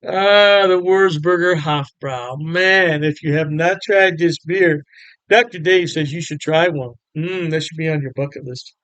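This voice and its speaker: A man's voice: a little high, fairly even intonation, moderate pace, a bit bright, no room sound, dull audio. A man giving a casual, chatty beer review to camera, upbeat and full of fillers.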